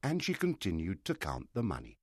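A man narrating a storybook with a low, husky voice that rises and falls widely as he reads. the sound is dry and close, with no room around it. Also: wildly swooping pitch, fairly quick, no room sound. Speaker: audiobook narrator. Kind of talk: storybook reading.

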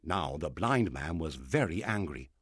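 A man narrating a storybook aloud in an expressive reading style. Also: rumbling low, unhurried, no echo, clean studio sound. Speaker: audiobook narrator.

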